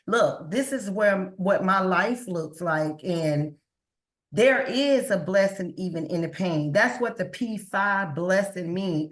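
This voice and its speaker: Earnest woman guest in an echoey room. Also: mid-range voice. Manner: earnest, faith-filled, repeats words when moved. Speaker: podcast guest, entrepreneur. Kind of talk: emotional interview talk.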